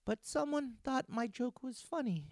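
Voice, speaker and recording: A man's voice: very high voice, animated, normal speed, darkish tone, no echo, clean studio sound. Joking, crude male podcast host. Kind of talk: casual banter.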